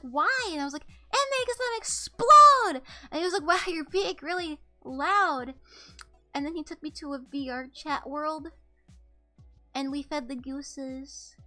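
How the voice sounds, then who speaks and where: A young woman streaming, chatting casually with her viewers in a rambling, giggly way and apologizing often. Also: high voice. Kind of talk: casual live-stream chat.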